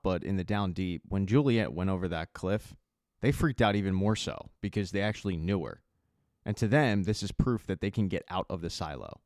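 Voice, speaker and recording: A man narrating a casual recap of a TV season, telling the plot in a conversational way with quick asides. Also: on the low side, darkish tone, dry recording, clean studio sound. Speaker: recap host.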